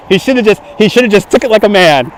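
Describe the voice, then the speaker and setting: A Brooklyn man with a fairly high voice runs a walking livestream on city streets. He is loud and joking and breaks into laughter often, with traffic passing outdoors behind him. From Brooklyn, New York. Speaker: livestream host. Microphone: handheld phone on gimbal.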